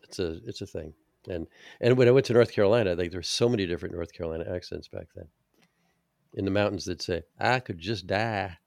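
Older male co-host, South Jersey accent, deep, dry and close, rambling chatter. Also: quick pace, gravelly, a little mellow, no echo. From New Jersey. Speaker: podcast co-host. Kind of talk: casual chat.

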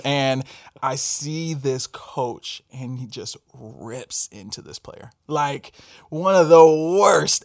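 A man's voice: medium pitch, no echo. Reflective man in a dry, close room. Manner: reflective, loose and rambling with fillers. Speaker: podcast co-host and character coach. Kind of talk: casual faith talk.

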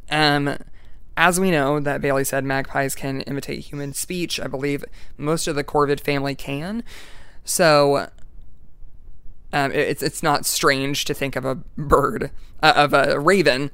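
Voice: medium pitch, creaky, fairly bright tone, smooth, no room sound. A young adult student giving a casual class presentation and reading a poem aloud, chatty and full of "like" and "um".

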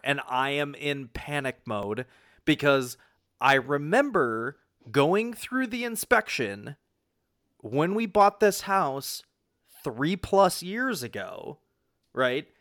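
Casual male storyteller, expressive and profane, pitch leaping around, dry close sound. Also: no echo. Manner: animated, swears freely, lots of fillers and restarts. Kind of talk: casual anecdote.

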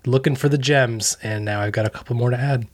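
A man's voice: mid-range voice, steady tone, a little fast. An American man co-hosting a casual chat, riffing with jokey, exaggerated asides. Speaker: co-host.

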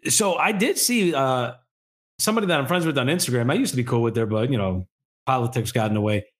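Animated, foul-mouthed man telling stories. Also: medium pitch, fast talker. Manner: animated, profane, rambling storytelling. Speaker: podcast co-host. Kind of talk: casual chat.

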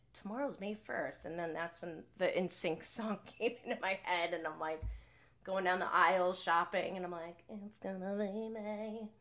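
Bright-voiced chatty woman recapping reality TV. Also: lowish voice. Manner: chatty, animated, swings between muttering asides and heated rants. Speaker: podcast host. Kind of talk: casual live recap chat.

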